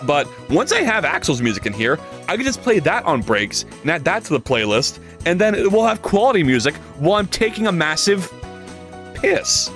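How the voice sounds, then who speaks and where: A man streams live while he codes, joking and rambling as he answers his chat. His voice sits a little high and jumps around a lot. Soft music plays quietly behind him. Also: fairly quick, hardly any pauses. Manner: animated, jokey, reads chat aloud and rambles. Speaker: livestreamer. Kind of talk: casual livestream chat while coding.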